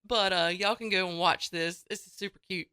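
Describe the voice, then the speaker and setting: A woman's voice: lowish voice, steady tone, fairly quick, bright, forceful tone, smooth, no echo. A woman hosting a morning radio show, chatting casually and playfully into a studio microphone. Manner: chatty, playful, folksy, with frequent laughs.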